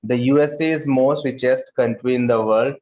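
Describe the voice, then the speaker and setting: A male school teacher with an Indian English accent who talks slowly, repeats words and calls on students by name. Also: mid-range voice, steady tone, a little mellow, highs cut off. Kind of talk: online class lesson.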